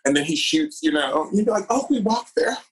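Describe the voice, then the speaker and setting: An expressive, laugh-filled voice that swoops from high squeals down to low, throaty asides, with a slightly husky edge. A drag performer from California chats as a podcast guest, telling wild dating stories with big dramatic flair. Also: male voice, fairly quick, rough recording. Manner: animated storyteller, laughs often, calls listeners "girl". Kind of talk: casual chat.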